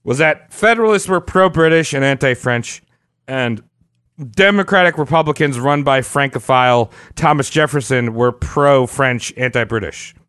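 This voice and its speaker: A man's voice: mid-range voice, moderate pace, a bit bright, clear, resonant tone, no echo, clean studio sound. A man co-hosting a casual comedic history podcast, explaining events at length with crude jokes and frequent laughs.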